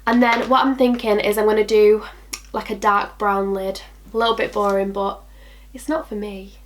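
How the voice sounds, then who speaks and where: A woman's voice: mid-range voice, level tone, moderate pace. A young woman chatting bubbly and casually through a makeup tutorial, talking to herself and her products as she goes. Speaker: beauty vlogger.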